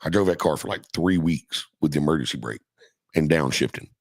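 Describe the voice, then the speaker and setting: A man's voice: rumbling low, fairly quick, slightly rough, no room sound. A middle-aged man casually telling a profane, laughing story from his youth as a podcast guest.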